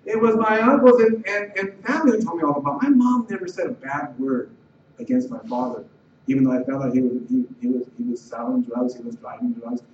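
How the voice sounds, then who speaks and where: A middle-aged man from the Los Angeles area telling a personal life story in a halting way, repeating words and restarting sentences. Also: medium pitch, expressive, a little mellow. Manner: halting, repeats words and restarts, voice rising when retelling tense moments. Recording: roomy, distant, dull and slightly noisy.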